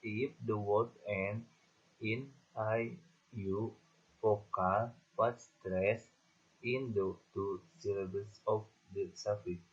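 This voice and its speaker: Low husky man with an Indonesian accent. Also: takes it slowly. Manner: reads lists of example words in a flat monotone. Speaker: student presenter. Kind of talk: reading word lists from a class presentation. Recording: dull lo-fi recording.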